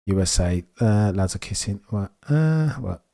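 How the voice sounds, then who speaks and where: A young man with a Birmingham accent and a low voice, talking over a motor race as it happens. He chats casually and excitably, reacting to the action and answering his viewers. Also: unhurried, creaky. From England. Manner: chatty, excitable, reads and answers viewer messages. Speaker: livestream host. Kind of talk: casual live race commentary.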